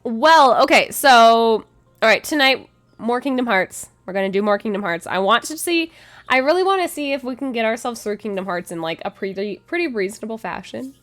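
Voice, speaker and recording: A woman's voice: on the high side, lively intonation, fairly quick, fairly bright tone. A woman streaming a game, chatting casually with her viewers, giggling often and restarting her sentences. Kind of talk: casual chat with chat.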